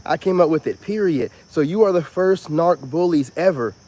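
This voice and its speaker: A man with a slightly higher voice gives a casual self-help vlog monologue. He rambles in an animated way and swings his pitch up and down. He keeps circling back to filler phrases. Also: moderate pace. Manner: animated, rambling, repeats "you know what I'm saying".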